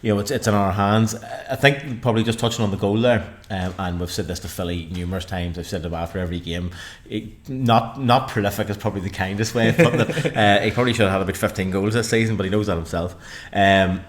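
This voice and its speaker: A man's voice: fairly low pitch, fairly even intonation, quick pace, few pauses. A man co-hosting a casual football podcast, rambling with frequent restarts and fillers. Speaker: podcast co-host.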